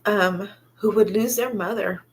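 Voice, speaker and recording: A woman telling a personal story, halting and reflective, with many pauses and fillers. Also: medium pitch, steady tone, breathy edge. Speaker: vlogger sharing her own story.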